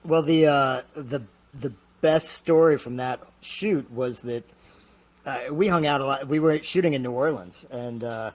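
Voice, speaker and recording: Halting male guest telling stories. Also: mid-range voice. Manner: halting, full of fillers and restarts. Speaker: guest actor. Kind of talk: casual storytelling.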